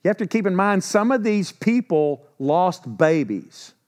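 A man preaches in a loose, conversational way, his voice sitting a bit higher than most men's. He tells stories with energy, jumps into the voices of the people in them and corrects himself mid-sentence. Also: unhurried. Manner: animated storytelling, acting out quotes. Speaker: pastor. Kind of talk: sermon.

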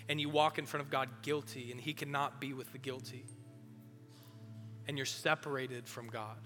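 A youth pastor preaching a sermon in a casual, animated way, talking straight to the room. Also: male voice, medium pitch. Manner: animated, casual, direct address. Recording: long hall reverb, faint music.

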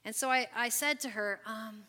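A woman's voice: fairly high pitch, normal speed, sharp tone. A woman in her forties telling a personal story during a church talk, chatty and loose, with many "like"s and "um"s. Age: 40s. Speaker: speaker at a church service.

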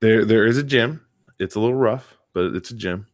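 A man with a fairly low voice, a coach and PE teacher, co-hosts a casual podcast and tells a long story at normal speed. He speaks emphatically, often doubling words to drive a point home.

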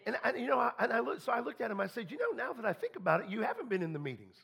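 A man's voice: extremely high pitch, big pitch swings, racing, creaky, bright, forceful tone, slightly rough. A man preaching a storytelling sermon, folksy, full of restarts, acting out conversations. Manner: folksy, repeats and restarts, quotes people in dialogue.

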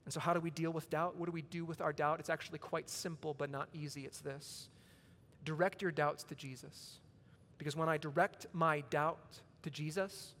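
High-voiced man preaching in echoing hall. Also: a bit bright. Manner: conversational storytelling preacher, rising to emphatic peaks. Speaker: pastor. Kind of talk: sermon. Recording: long reverb of a large hall.

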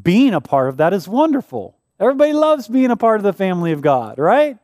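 A man delivers a sermon from the pulpit, his voice sitting high for a man. He preaches conversationally, tossing in rhetorical questions and wry asides. The sound is dry and close, with little room in it. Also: big pitch swings, fast, darkish tone, no room sound. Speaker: pastor. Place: church.

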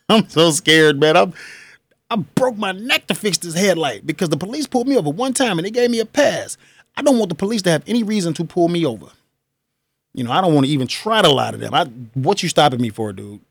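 A man's voice: high-pitched, no room sound. A man hosting a podcast, talking casually and emphatically, with slangy asides and frequent laughs. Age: adult with children. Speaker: podcast host. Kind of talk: casual solo commentary.

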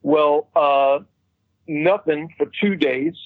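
A man's voice: fairly high pitch, slow pace, dry recording, phone-quality sound. A man casually telling a long anecdote as an interview guest, chatty and swearing freely. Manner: chatty storyteller, swears freely, laughs at his own punchlines. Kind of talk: casual anecdote over a call.

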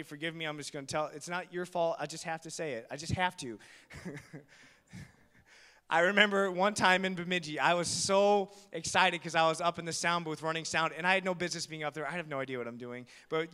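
A male pastor preaching a sermon in a church, telling stories with jokes and building to loud, shouted preaching. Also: on the high side, smooth, big-room sound. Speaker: guest pastor.

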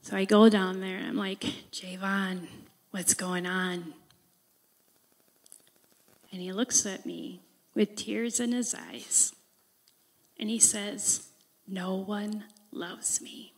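A woman reading scripture and sharing a personal story in an earnest, deliberate devotional talk. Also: medium pitch, fairly even intonation, big-room sound. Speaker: devotional speaker.

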